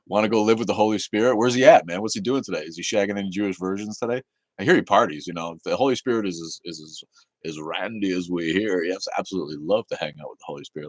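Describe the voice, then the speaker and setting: Man, very low voice, dry close sound, laid-back, swears casually, streamer chatting with viewers. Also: no room sound. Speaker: livestream host reading chat. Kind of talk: casual livestream chat.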